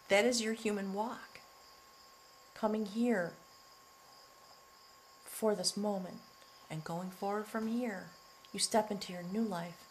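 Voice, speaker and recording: A middle-aged woman giving a spiritual tarot reading, earnest and emotional, slowly drawing out her words and sometimes dropping to a near whisper. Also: medium pitch, slight background noise, rough recording. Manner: earnest and emotional, often choked up, breaking into soft laughs; slow, drawn-out delivery with soft near-whispered words. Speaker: tarot reader.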